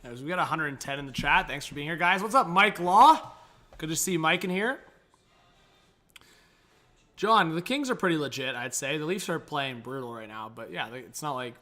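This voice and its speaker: A young man talks through a live hockey stream in a loose, chatty way, reading out messages from his viewers. His voice sits fairly high and sounds bright and forward. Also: expressive, moderate pace. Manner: casual, chatty, reads chat messages aloud. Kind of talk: live hockey reaction commentary.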